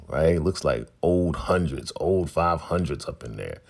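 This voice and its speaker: A man casually recapping a TV episode, retelling scenes by quickly acting out the characters' lines. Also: expressive, a little mellow. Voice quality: gravelly, husky low voice. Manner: retells scenes with quick quoted dialogue and laughs. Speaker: recap host.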